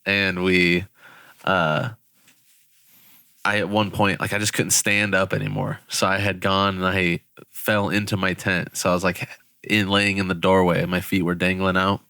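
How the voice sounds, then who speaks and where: A young man co-hosting a podcast tells a story in a bright, forceful voice, laughing and swearing as he goes. His pitch sits a little low, and the recording is close and dry, with no room sound. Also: measured pace, clear, resonant tone, dry recording. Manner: laughing, swearing, animated retelling. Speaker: podcast co-host. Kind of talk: casual storytelling.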